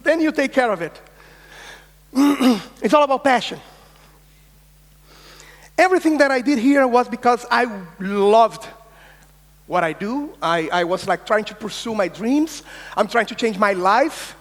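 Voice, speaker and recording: High-voiced man keynoting in a reverberant hall. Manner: energetic, insistent, swears, acts out quoted voices. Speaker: keynote speaker. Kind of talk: conference keynote talk. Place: large conference hall.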